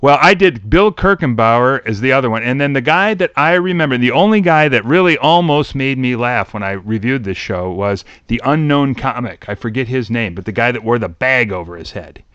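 Middle-aged male host, smooth voice, animated storyteller, dry slightly dull audio. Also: normal speed, hardly any pauses, dry recording. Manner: animated storyteller, mimics voices in a high pitch. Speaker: podcast host. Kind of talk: casual chat about old TV.

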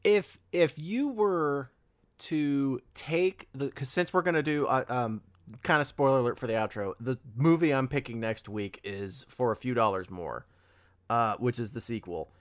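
A man's voice: medium pitch, measured pace. A young man co-hosting a casual movie podcast, rambling and correcting himself as he talks. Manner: rambling, self-correcting, animated when excited. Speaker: podcast co-host.

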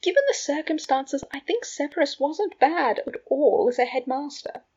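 A woman's voice: high voice, animated, normal speed, darkish tone, voice pushed up. A woman reading a fan fiction audiobook, voicing a mild, reasonable young wizard who stammers when flustered. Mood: reasoning. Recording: dull lo-fi recording.

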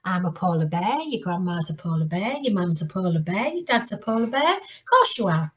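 A woman's voice: lowish voice, big pitch swings, fairly quick, recorded from a distance, voice pushed down. A woman voicing a kindly old granddad polar bear in a joke, matter-of-fact and reassuring.

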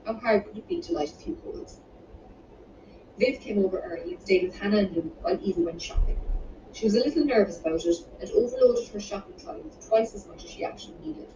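A woman narrates her own romance novel in a steady, unhurried reading voice. She sits some way from the mic in a roomy space, and the sound is dull and muffled. Steady background noise runs under her. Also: mid-range voice, distant mic. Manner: measured, unhurried reading with small restarts. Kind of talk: audiobook narration.

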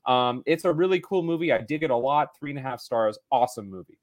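A man co-hosting a casual film podcast, upbeat and quick with jokes. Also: medium pitch, animated. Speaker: podcast co-host reviewing films. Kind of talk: casual chat.

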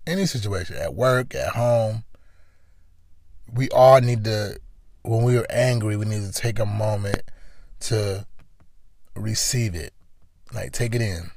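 A man with a rough, gravelly edge to his voice talks straight to the listener in a motivational monologue. He is earnest and conversational and circles back on his own phrases. The sound is close and dry, with no room around it. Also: lowish voice, a little slow, long pauses, darkish tone, no room sound. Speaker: podcast host.

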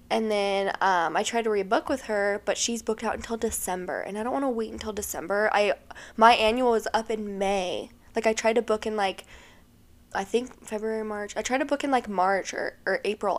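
A young woman hosting a podcast, talking casually and emotionally with lots of fillers, sounding tired. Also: mid-range voice. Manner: chatty and emotional, many fillers. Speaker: podcast host.

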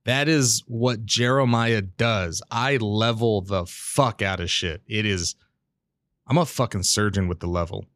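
Man, podcast host, low voice, rambling and candid, swears freely, dry close mic with pop filter. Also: measured pace, fairly bright tone, no room sound. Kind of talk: casual solo podcast talk. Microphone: studio mic with pop filter.

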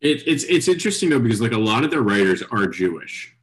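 A man's voice: mid-range voice, sing-song, fast, a little hiss or hum. A man co-hosting a podcast, dropping short, dry remarks in casual chat. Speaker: podcast co-host.

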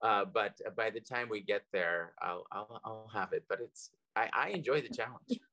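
A man, a stage actor, talking about his work in an interview, lively and self-deprecating with a joking tone. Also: fairly low pitch, moderate pace. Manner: animated, self-deprecating, jokey. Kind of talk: casual interview chat.

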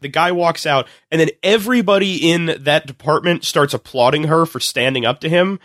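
A man on a comedy podcast, retelling a movie with lots of laughs and quick acted-out voices. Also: fairly high pitch, no echo, studio quality. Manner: animated storytelling, acts out characters in quick voices, laughs often. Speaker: podcast guest recapping a movie. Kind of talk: casual comedic podcast chat.

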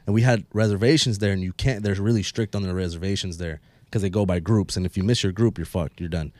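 A man's voice: deep voice, fast talker, darkish tone, no echo. A young man co-hosting a casual podcast, telling a long story in laid-back, profane slang. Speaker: podcast co-host. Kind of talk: casual chat.

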